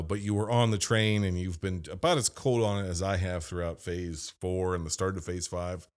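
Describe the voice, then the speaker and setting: A man hosting a podcast, giving a casual, opinionated movie review, blunt and rambling, with fillers and asides. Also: deep voice. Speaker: podcast host and film reviewer.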